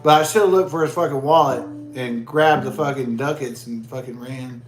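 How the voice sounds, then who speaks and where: A man's voice: medium pitch, moderate pace, roomy sound, soft background music. A man vlogging as he drinks a beer, telling a rambling story in crude, profane, rambling talk.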